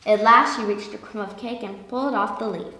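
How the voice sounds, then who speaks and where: A woman reading a children's picture book aloud in a lively way, slowing down for emphasis. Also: mid-range voice, slight background noise. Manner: lively, with slowed emphatic passages. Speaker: storyteller. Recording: echoey room with long reverb.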